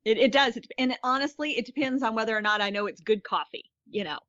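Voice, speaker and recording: A woman's voice: on the high side, quick pace, a bit bright, dry recording. A woman guesting on a casual podcast, answering hesitantly with many fillers. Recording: dry, dull lo-fi audio.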